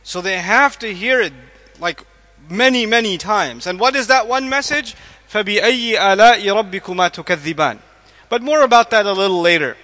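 A man giving an animated religious lecture to a live audience, questioning listeners and acting out quotes. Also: high voice, moderate pace. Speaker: Islamic lecturer. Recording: echoey hall.

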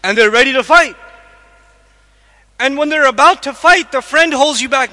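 A man giving an animated religious lecture to a live audience, questioning listeners and acting out quotes. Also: very high voice, moderate pace, long pauses. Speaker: Islamic lecturer. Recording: echoey hall.

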